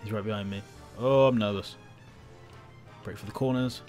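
A man's voice: fairly low pitch, fairly even intonation, normal speed, darkish tone, faint music behind. A man giving casual let's-play commentary, jittery, chatty and self-mocking as he plays. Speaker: gameplay commentator.

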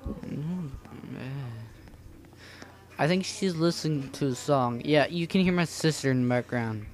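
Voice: medium pitch, a little slow. A gamer chatting through an obstacle course on a phone setup, rambling and poking fun at themself. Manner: rambling, self-mocking, breaks into improvised sung lines. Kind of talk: casual gameplay commentary.

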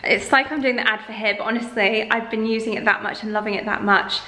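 A woman's voice: a little high, fairly even intonation, fast, pushed and bright. A young woman chatting casually in a home vlog, rambling and going off on tangents. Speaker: lifestyle vlogger. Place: at home, indoors.

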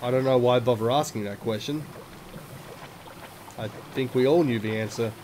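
A man's voice: medium pitch, moderate pace, a little mellow, slight background noise. Profane, chatty let's play man. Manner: profane, self-mocking, chatty asides. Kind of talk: casual gameplay commentary. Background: game music.

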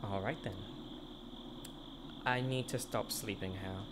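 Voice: mid-range voice, takes it slowly, noisy background. A let's-play host chatting, joking and reading on-screen text aloud while playing. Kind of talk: gameplay commentary. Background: loud game music.

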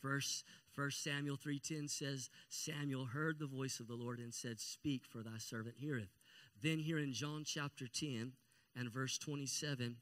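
A male pastor delivering a church sermon at a middle pitch. He repeats key phrases for emphasis and calls on the congregation to say amen. His delivery grows louder and more passionate as he goes. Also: steady tone, measured pace.

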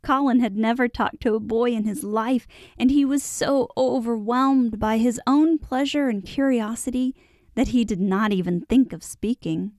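A woman narrating a classic children's novel in a measured, expressive storytelling voice. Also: fairly high pitch, no room sound, studio quality. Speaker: audiobook narrator. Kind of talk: scripted audiobook narration.

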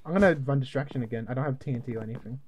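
A man playing a video game with friends, talking in an excitable, joking way and yelping when things go wrong. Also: mid-range voice, very fast, dull audio, a little hiss or hum. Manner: excitable, jokey, yelps when plans go wrong. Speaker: gamer. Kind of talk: casual gaming chat.

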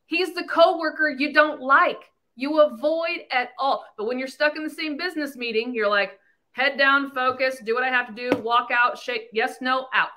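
A woman's voice: high-pitched, moderate pace. A woman in her thirties hosting a podcast, telling her story bluntly and candidly, with lots of swearing. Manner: blunt, profane, animated storytelling. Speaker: podcast host. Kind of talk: candid casual talk.

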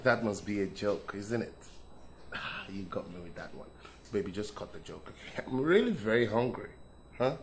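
An actor with a Nigerian accent playing an excitable, demanding young husband who bursts into loud shouts, heard over a film's music score. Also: male voice, on the low side, normal speed, a little hiss or hum. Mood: hungry, pleading. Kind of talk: film drama acting. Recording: film audio with music score.

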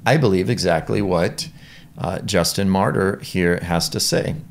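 A man's voice: deep voice, a little slow, vocal fry. A man giving an earnest lecture on church history as a Bible teacher, explaining points with emphasis and reading quotes aloud.

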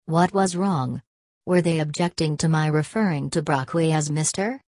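A woman narrates an audiobook in a steady first-person read. Her voice sits low and deep. The recording is dry and close, with no room sound. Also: moderate pace, dry recording. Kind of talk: scripted narration.

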